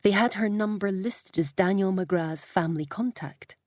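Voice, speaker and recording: A woman narrating a novel in a measured, even storytelling voice. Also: medium pitch, no echo. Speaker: audiobook narrator. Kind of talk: scripted narration.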